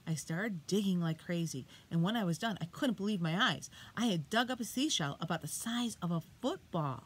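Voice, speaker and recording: A middle-aged woman teacher reading poems aloud to children, booming out the sound words and asking them questions. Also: lively intonation, brisk, few pauses, a little hiss or hum. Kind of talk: read-aloud poetry lesson for children. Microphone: iPad.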